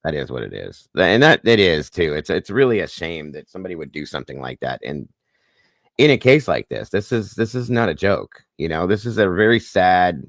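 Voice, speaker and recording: A man's voice: low voice, very animated, brisk, vocal fry, no echo, studio quality. A man hosting a casual livestream chat, goofy and corny, greeting viewers by name. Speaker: livestream host.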